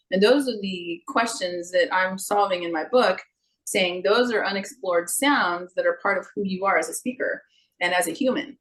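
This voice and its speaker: Middle-aged woman vocal coach, chatty and expressive, pops into goofy voices, average pitch. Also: normal speed, rough recording. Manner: expressive, jumps into playful character voices. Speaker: guest, singer and vocal coach. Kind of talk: casual interview chat.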